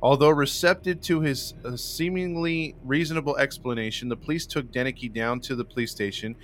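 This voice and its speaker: A man's voice: mid-range voice, a little fast, a little hiss or hum. A man hosting a live podcast, reading a true-crime case in casual chat and laughing between passages. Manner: laughs often, breaks into loud joking voices. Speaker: podcast host.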